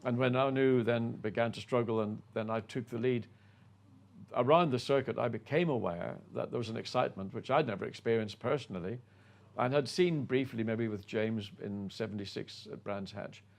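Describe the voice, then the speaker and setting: An older man, formerly a racing driver, appears as a guest and tells self-effacing anecdotes reminiscing about his career. His voice is medium-pitched and creaky, moving at a moderate pace.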